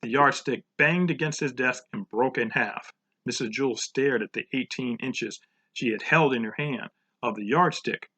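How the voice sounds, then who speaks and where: A man reading a chapter book aloud to children in a relaxed, informal way. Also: medium pitch, moderate pace, breathy edge. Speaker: program director reading to children.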